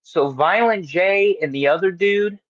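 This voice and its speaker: A man's voice: high-pitched, unhurried, dry recording, lo-fi sound. A man hosting a wrestling podcast in a studio, talking bluntly and mockingly with plenty of swearing. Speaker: podcast host. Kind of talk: casual chat.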